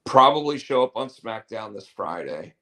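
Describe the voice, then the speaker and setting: A man's voice: lowish voice, very animated, moderate pace, bright, forceful tone. A man hosting a show, chatting casually in a rambling, opinionated way. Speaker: show host. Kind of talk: casual wrestling chat.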